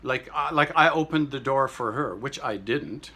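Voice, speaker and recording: Man, vlogger; casual, indignant storyteller who rambles, with a bright, sharp voice. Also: medium pitch, moderate pace, slightly rough. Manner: greets the audience in French and German.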